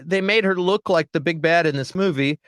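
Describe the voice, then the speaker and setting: A man from Texas, co-hosting a casual podcast chat, telling stories with lively acted-out quotes. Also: fairly high pitch, fairly quick, no echo, studio quality. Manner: animated storyteller, acts out quotes. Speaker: podcast co-host.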